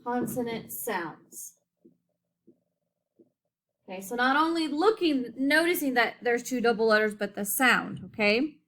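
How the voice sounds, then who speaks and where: A woman teacher leads young children through a phonics lesson. Her voice sits a little high, and she speaks very slowly, drawing words out syllable by syllable. She keeps checking in with a gentle "okay?" between points. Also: lively intonation. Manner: slow, clear, drawn-out enunciation with frequent "okay?" checks.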